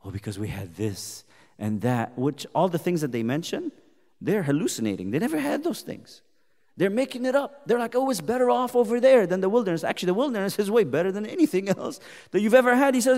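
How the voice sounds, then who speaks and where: A man's voice: high voice, big pitch swings, fairly quick, darkish tone. A man teaching a youth Bible study as a sermon, impassioned, firing rhetorical questions and speaking God's pleas in first person. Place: church hall. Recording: long hall reverb.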